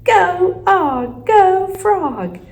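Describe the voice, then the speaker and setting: A bold little hamster hero squeaks high and eager, full of exclamations and pluck, as a woman puts him on. The voice leaps far above the reader's own, lively and bright. A storybook character with plenty of spunk. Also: normal speed. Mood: cheering. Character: small brave excitable male hamster.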